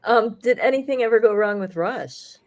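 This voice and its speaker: A woman's voice: fairly high pitch, moderate pace, darkish tone. A woman hosting an interview, asking questions and reading out viewer comments. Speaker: podcast host.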